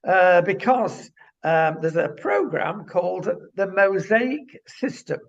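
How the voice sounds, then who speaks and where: A man co-hosting a talk show speaks indignantly, addressing the viewer directly. His voice is high-pitched, sing-song and gravelly, his pace slow, and the recording has a dull lo-fi sound.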